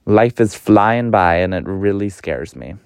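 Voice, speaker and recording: Gossipy young man, low and dry. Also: a little slow, smooth, no echo. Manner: animated, gossipy, swears a lot, pitch often jumps up. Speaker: podcast host. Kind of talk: casual storytelling monologue.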